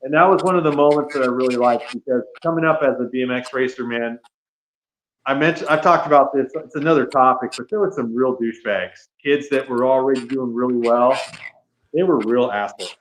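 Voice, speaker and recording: With a mid-range voice and a fairly quick delivery, this man chats as a podcast guest, telling stories peppered with "you know" and "man." The room echoes, and there's a touch of hiss or hum.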